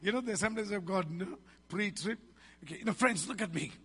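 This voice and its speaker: A Malaysian pastor in his fifties preaches a sermon in Malaysian-accented English, his high-pitched voice quick, sharp, and a bit breathy. He speaks emphatically and calls out questions to the congregation, with the sound echoing around a reverberant hall.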